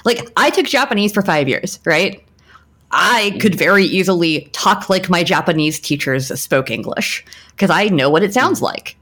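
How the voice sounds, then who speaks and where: A woman's voice: fairly low pitch, expressive, moderate pace, fairly bright tone. A young adult woman co-hosting a podcast, speaking frankly in casual chat and restarting her sentences often. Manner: frank, talks things through with many restarts and "like"s. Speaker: podcast co-host.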